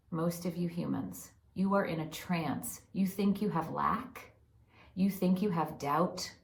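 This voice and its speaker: A woman voicing a loving collective of light beings, delivering a channeled spiritual message in slow, repeating, chant-like phrases. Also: on the low side, gravelly, darkish tone, reverberant. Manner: slow, repetitive, incantatory delivery.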